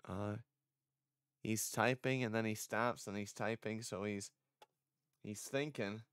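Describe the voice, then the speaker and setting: A man's voice: fairly low pitch, fairly even intonation, measured pace, fairly bright tone, clear, resonant tone, dry recording, studio quality. A man streaming casually, rambling and self-conscious, a little congested. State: slightly congested. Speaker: vtuber streamer.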